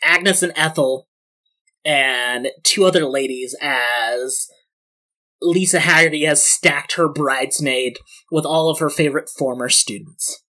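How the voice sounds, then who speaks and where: A man narrating a tabletop game as game master, chatty and quick, often laughing. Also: on the high side, sharp tone.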